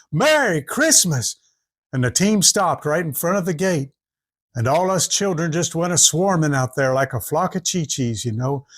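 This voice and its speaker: A man spins a homespun tale. His voice sits high, and he slips into the voices of the people in his story as he goes. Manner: drawling rural dialect, acting out each character. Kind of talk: folksy spoken storytelling.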